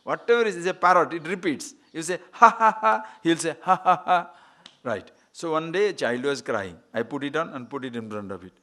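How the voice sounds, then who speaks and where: A man's voice: a little high, lively intonation, quick pace, hardly any pauses, fairly bright tone. A man giving a spiritual talk, playful and laughing often, asking rhetorical questions. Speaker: spiritual teacher.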